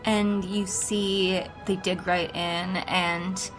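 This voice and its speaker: A woman's voice: lowish voice, little pitch movement, extremely slow, over music. A woman narrating as game master for a tabletop role-playing game, chatty with many fillers and restarts.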